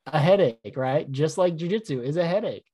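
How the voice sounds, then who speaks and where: A man co-hosting a casual podcast, telling animated stories, acting out his own thoughts and swearing often. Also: fairly high pitch, normal speed, a little hiss or hum. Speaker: podcast co-host.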